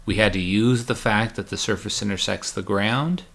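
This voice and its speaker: Male math lecturer, low-pitched, casual and joking while explaining step by step. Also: normal speed, gravelly, a bit bright. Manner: chatty, joking, walks through steps aloud.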